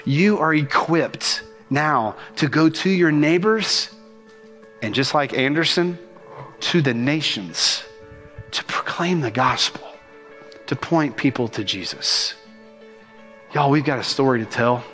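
A man, a senior pastor preaching a sermon with rhythm and animated cadence. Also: on the high side, faint music behind. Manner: rhythmic, animated preaching with talk of speaking fast.

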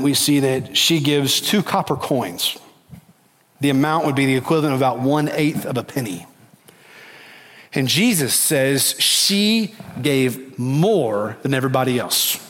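A man's voice: medium pitch, a bit bright. A man preaching a sermon as pastor, earnest and emphatic, pressing his listeners with repeated appeals. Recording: long reverb of a large hall.

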